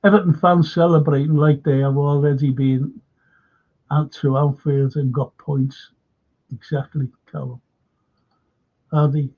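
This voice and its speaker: On his live fan channel, a man talks slowly in a husky, gravelly voice set a bit high. He replies to viewers by name, restating his points forcefully and dropping the odd swear word. Sound quality is dull and lo-fi.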